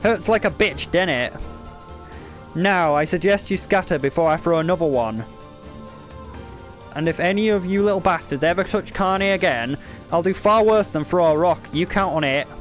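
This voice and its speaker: A man voicing a fierce, blunt old grandmother who talks roughly, in an amateur storybook reading. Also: a little high, measured pace, faint music behind, natural voice. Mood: gruff. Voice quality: rough, rage-thick delivery.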